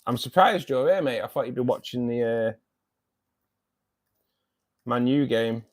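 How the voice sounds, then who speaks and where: Sitting at home beside his fish tanks, a man runs a casual live stream for a fishkeeping club, greeting viewers and bantering with them. His mid-range voice is animated and unhurried, and his chatty, joking rambling is packed with fillers.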